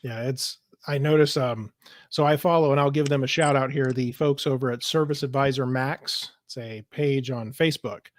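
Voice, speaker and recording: A man's voice: mid-range voice, steady tone, normal speed. A man hosting a casual show chat, talking loosely and laughing easily, recording while traveling. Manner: laughs easily, loose rambling talk with fillers. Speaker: podcast host. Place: indoors while traveling, video call setup.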